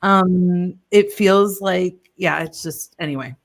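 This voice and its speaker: Woman podcast co-host, slightly low voice, reflective and conversational. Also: slow pace, gravelly. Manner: reflective, thinks aloud with restarts. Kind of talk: casual interview chat.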